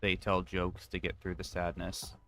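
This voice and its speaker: Dry-teasing man with a bright voice. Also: sits low, monotone, normal speed, a little hiss or hum. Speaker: game streamer. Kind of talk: casual chat while gaming.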